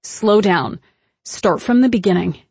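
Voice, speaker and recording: A woman voicing a blunt, skeptical teenage girl in an audiobook, speaking in a flat, husky voice. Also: medium pitch, measured pace, no echo, full character voice.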